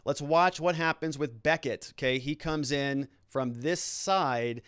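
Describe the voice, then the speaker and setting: A man's voice: a little high, a little slow, fairly bright tone, smooth, no room sound, clean studio sound. A man giving casual legal commentary as a lawyer, talking in a loose, conversational way with sarcastic asides.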